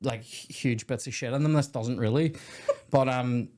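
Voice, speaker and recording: A man in his young adult years talks through a film on a casual podcast. He rambles, swears freely and keeps breaking off mid-sentence to start again, at an ordinary middle pitch. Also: measured pace, a little mellow. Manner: rambling, swearing, self-interrupting. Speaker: podcast host. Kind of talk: casual film review chat.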